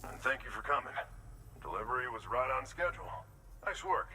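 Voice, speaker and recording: Actor playing a courteous male game client, formal, varied pitch, heavy static. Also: big pitch swings, a little fast, close to an everyday voice. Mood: grateful.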